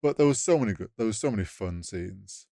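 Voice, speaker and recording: A man's voice: fairly low pitch, lively intonation, fast, vocal fry, mellow, no room sound, studio quality. A man co-hosting a podcast, casually retelling film scenes with acted-out lines and laughs. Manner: rambling, acts out scenes with quoted lines, laughs often. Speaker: podcast co-host. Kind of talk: casual film review chat.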